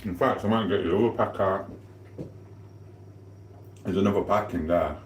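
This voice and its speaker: Livestream host, man, very low voice, rambling cheeky banter, eats on mic in a roomy kitchen. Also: normal speed, a little hiss or hum. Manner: rambling, cheeky and flirty, eating while talking. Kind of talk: casual live-stream chat. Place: home kitchen.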